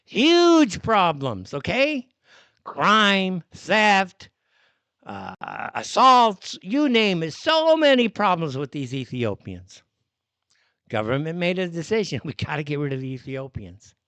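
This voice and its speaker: Heated ranting man, high lively voice. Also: slow pace, smooth, no room sound. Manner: heated, blunt, swears often. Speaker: live show host. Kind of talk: ranting commentary.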